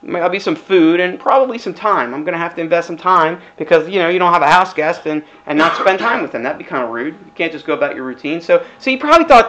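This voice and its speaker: A man's voice: high-pitched, expressive, quick pace, hardly any pauses, sharp tone, rough recording. A middle-aged male pastor giving a conversational sermon, full of rhetorical questions.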